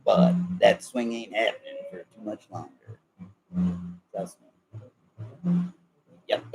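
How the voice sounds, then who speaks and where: Slow, drawling man with lots of laughs. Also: fairly low pitch, gravelly, background noise. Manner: laughs a lot, drawling, joking. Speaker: vlogger. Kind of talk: casual rambling monologue.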